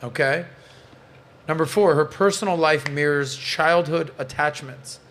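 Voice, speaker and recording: A man's voice: fairly high pitch, measured pace, a bit bright. A man hosting a casual podcast panel, blunt and joking, swearing freely. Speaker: podcast host.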